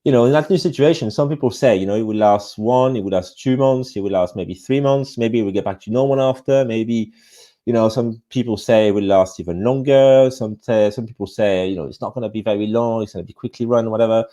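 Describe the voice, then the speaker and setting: A man's voice: fairly low pitch, brisk, warm tone. A man with a French accent giving an ecommerce summit presentation, peppered with fillers, restarts and swearing. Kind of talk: conference presentation. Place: online summit talk, remote.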